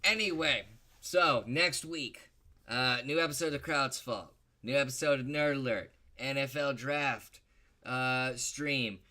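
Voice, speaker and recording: A man's voice: mid-range voice, slow pace, pushed and bright. A young man co-hosting a casual podcast stream, joking and rambling through the sign-off with sarcastic asides. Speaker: podcast co-host.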